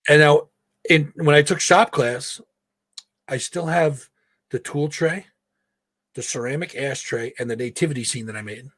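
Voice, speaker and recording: A man's voice: on the high side, normal speed, long pauses, dry recording. A man hosting a podcast, casually telling a story and acting out the people in it with plenty of swearing. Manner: profane, animated storyteller, acts out quotes. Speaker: podcast host. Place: home studio. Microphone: own mic, mutes it to vape.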